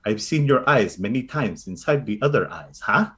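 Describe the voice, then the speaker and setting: A man's voice: medium pitch, lively intonation, moderate pace, a bit bright, natural voice. A man voicing a motherly old Filipino grandmother sorceress in a tabletop game, speaking broken English with a Filipino accent and calling everyone honey. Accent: Filipino English, put on. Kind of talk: tabletop role-play voice acting.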